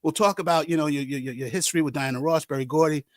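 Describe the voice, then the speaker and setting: Animated storytelling man, dry close sound. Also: a little high, very fast, no room sound. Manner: animated storyteller acting out quotes, trails into hushed tones. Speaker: guest, artist manager and concert promoter. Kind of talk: casual storytelling chat.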